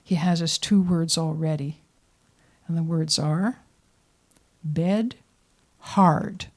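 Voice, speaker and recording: A woman telling a story live to an audience, with dramatic pacing and hushed moments for suspense. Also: low voice, a little slow. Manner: lively, dramatic pacing, drops to whispers for suspense. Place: performance venue showroom.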